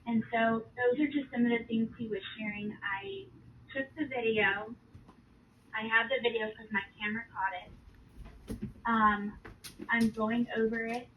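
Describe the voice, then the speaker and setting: A woman's voice: a little high, measured pace, long pauses. A woman sharing a spiritual vision in casual spoken testimony, earnest and urgent, with loose fillers as she explains. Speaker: Christian speaker sharing a vision. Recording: tinny phone-like audio with faint background noise.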